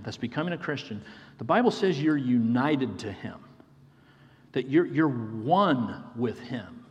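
A man's voice: medium pitch, very animated, measured pace, a little mellow, lo-fi sound. A man preaching a sermon in an earnest way, often repeating a phrase for emphasis and calling his listeners friends. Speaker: pastor. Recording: long hall reverb.

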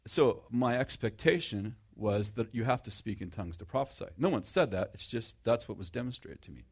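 A man's voice: lowish voice, animated, fairly quick, gravelly, slightly rough. Middle-aged man preaching conversationally. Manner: self-deprecating humor, frequent restarts, asks the audience questions. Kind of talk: conversational sermon.

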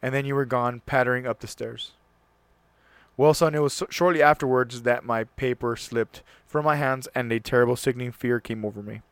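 The man hosts alone, speaking briskly in a smooth mid-range voice with fairly even intonation, recorded dry on a close mic. His talk is casual, and when he reads aloud earnestly he now and then stumbles and restarts words.

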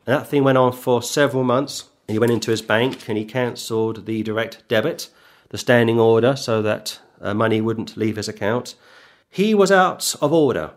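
A man preaching a sermon, scolding his listeners with sarcastic rhetorical questions and reading scripture slowly and emphatically. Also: medium pitch.

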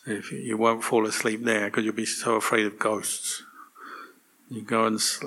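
A man, a monk, giving a relaxed, gently humorous dharma talk to a meditation group. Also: fairly low pitch, moderate pace, slightly rough.

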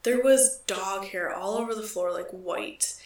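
A woman's voice: medium pitch, a little slow. A young woman co-hosting a podcast, rambling through a profane story with lots of "like". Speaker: podcast co-host. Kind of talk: casual storytelling. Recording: echoey room, far from the mic.

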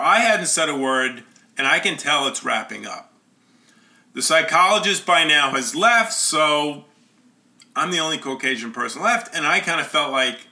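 Earnest male storyteller, slightly high voice with a sharp, forceful edge. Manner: earnest, conversational. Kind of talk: first-person storytelling.

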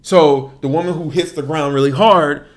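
A man, co-hosting a podcast in casual chat and telling a story with lively, laughing delivery. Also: moderate pace. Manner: animated storyteller, laughs often, voice jumps high. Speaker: podcast co-host.

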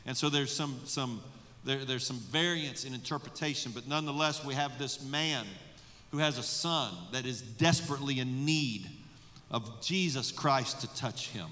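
A man's voice: medium pitch, normal speed, sharp tone. A man, a pastor, preaching at a midweek Bible study, emphatic and full of rhetorical questions to his congregation. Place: church sanctuary. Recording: long reverb of a large room.

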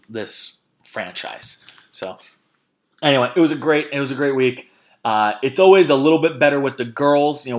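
A man's voice: mid-range voice, a bit bright. A man hosting a podcast, chatting casually and animatedly retelling scenes with quoted voices. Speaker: podcast host. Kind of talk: casual chat recapping a reality show.

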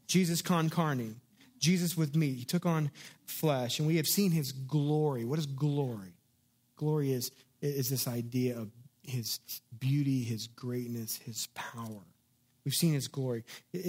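A middle-aged man preaches with a slightly raised pitch. He talks to the congregation casually and keeps asking them questions along the way. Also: darkish tone. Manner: conversational, repeats words, asks the listeners questions. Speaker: pastor. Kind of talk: sermon.

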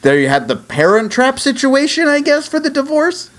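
A man's voice: very high-pitched, sing-song, moderate pace, a bit bright. A man in casual podcast chat, joking wryly and recapping a story. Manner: wry, joking, recaps plots.

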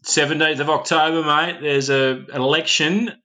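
Australian man, rugby podcast co-host, casual chat, bright clear voice, dry sarcasm. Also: on the high side, fairly even intonation, moderate pace. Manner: laid-back, sarcastic banter.

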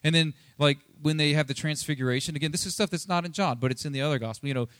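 A pastor giving a casual, conversational sermon, chatty and animated, acting out Bible scenes in quick asides. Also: male voice, on the high side, no echo, clean studio sound. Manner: chatty, animated, acts out Bible quotes, many fillers.

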